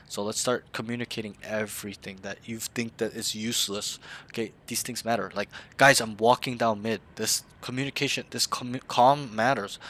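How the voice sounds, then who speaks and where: A man's voice: mid-range voice, bright, forceful tone. A man coaching a player in a casual game review, blunt and slangy, often swearing.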